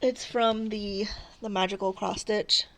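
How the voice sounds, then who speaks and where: A woman talks slowly and easily in a relaxed stitch-along chat, letting her thoughts wander. Her voice has a gravelly edge. She rambles and laughs at herself. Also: mid-range voice. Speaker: cross-stitch vlogger.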